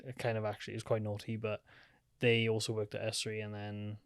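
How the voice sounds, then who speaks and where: A young man talking casually on a podcast, rambling and filling gaps with "um" and "like." His voice is smooth and clear, recorded close and dry with no room sound. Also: fairly low pitch, monotone, fast, no echo. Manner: chatty, rambling with fillers. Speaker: podcast guest, freelance photographer. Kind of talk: casual chat.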